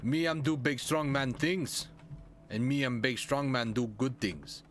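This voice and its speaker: A man's voice: medium pitch, measured pace, a little hiss or hum, lightly acted. A man putting on the voice of a dim-witted brutish strongman who talks in caveman-style broken speech. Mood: boastful.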